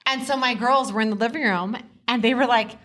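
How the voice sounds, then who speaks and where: A woman, co-hosting a podcast and telling stories in a lively, chatty way with lots of laughter. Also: fairly high pitch, fairly quick. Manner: animated storyteller, laughs often. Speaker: podcast co-host. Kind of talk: casual chat.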